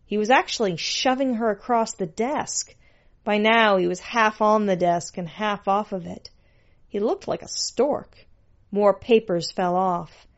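A woman's voice: medium pitch, measured pace, highs cut off. A woman narrating a story in a dry, sardonic manner.

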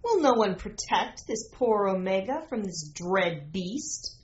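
A haughty, scornful noblewoman, put on by a woman reading a storybook aloud, cold and threatening. She speaks slowly and deliberately, her words weighted with contempt. The recording is slightly muffled. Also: medium pitch, very animated, echoey room. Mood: indignant.

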